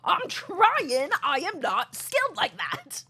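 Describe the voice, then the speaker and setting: Lively young woman telling a story. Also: extremely high pitch, slow pace. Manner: animated, laughs often, quotes others in bursts. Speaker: streamer. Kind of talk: casual storytelling chat.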